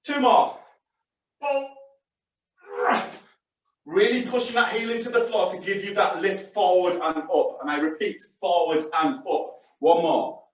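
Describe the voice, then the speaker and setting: A male fitness instructor leads a live class in a high voice at a measured pace with long pauses, chatty and encouraging as he calls short exercise cues. The room is very echoey and the mic distant.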